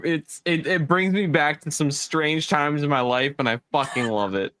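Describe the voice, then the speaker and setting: A man's voice: on the high side, moderate pace, fairly bright tone, clean tone, no room sound. A laid-back man chatting casually on a live stream, cursing freely as he talks. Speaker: stream guest.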